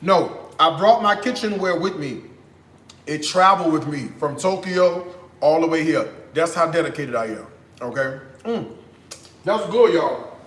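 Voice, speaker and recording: A high-pitched man with a very lively, swooping voice talks viewers through a recipe in a relaxed, unhurried way. He breaks into whoops of delight now and then, and the kitchen sounds roomy and echoey. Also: a little hiss or hum. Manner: exuberant, bursts into high whoops and moans of delight; chatty, addresses viewers directly. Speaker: cooking channel host. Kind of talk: casual cooking vlog talk. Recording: echoey room.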